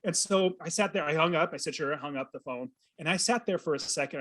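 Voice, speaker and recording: A man in his thirties, a podcast guest, telling a personal story with earnest, animated feeling and acting out his own thoughts. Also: a little high, fast talker. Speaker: podcast guest, real estate investor. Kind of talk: storytelling in an interview.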